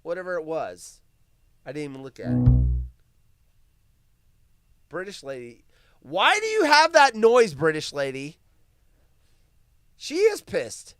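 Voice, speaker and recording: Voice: medium pitch, huge pitch swings, slow pace, pauses often, a bit bright, faint music behind. A live stream host doing solo commentary, ranting with profanity, mocking asides and laughter while reading the news aloud.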